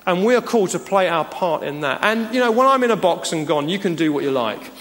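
A man's voice: sits high, animated, fairly quick, fairly bright tone. Earnest preaching man in a reverberant hall. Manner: earnest, emphatic preaching with chuckles. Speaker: pastor. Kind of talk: sermon. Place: church hall. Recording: long reverb of a church hall.

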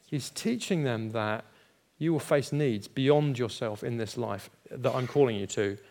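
A middle-aged male pastor delivers a sermon in a steady mid-range voice. He moves between teaching and personal anecdotes, acting out the dialogue and laughing at his own failings. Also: mid-range voice, measured pace, a little hiss or hum. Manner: storytelling, acts out quoted dialogue, laughs at himself.

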